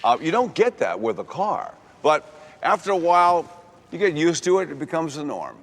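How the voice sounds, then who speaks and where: A humble, earnest star actor with a calm voice, as a man puts him on. His pitch moves in a lively way, and the voice carries a long echoing reverb. A comedy sketch. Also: normal speed. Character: impression of a famous male actor, warm and humble.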